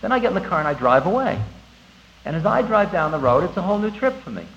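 A man giving a conversational spiritual talk to an audience, animated and laughing at himself. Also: high-pitched, fast talker, vocal fry. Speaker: spiritual teacher. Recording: dull lo-fi recording with faint ambience.

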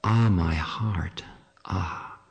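A man's voice: low-pitched, drawn-out words, creaky, husky, heavily acted, low-quality recording. A man reading aloud as a devoted young married woman, in fervent, old-fashioned declamation. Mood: rapturous.

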